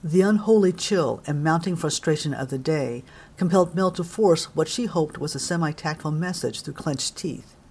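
A woman reading a novel aloud in measured, wry scripted narration. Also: low-pitched, a little mellow, breathy edge. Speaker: audiobook narrator.

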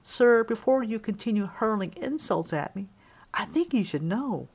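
A woman's voice: mid-range voice, big pitch swings, normal speed, a little mellow, slightly rough, voice pushed up. A woman voicing a tall, sardonic Southern academic woman with a dry way of talking, in an audiobook reading. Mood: clipped.

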